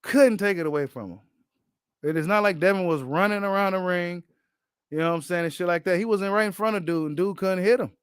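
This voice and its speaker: A man hosting a boxing channel, giving casual, animated reaction commentary full of slang and repeated phrases. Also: high voice, fairly quick, clear, resonant tone, no room sound, studio quality.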